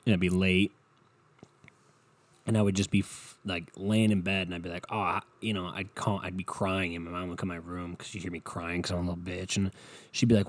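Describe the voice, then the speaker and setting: A man's voice: deep voice, a little fast, no echo. A young man rambling through a profane, comedic monologue as a podcast host. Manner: rambling, profane, animated storytelling.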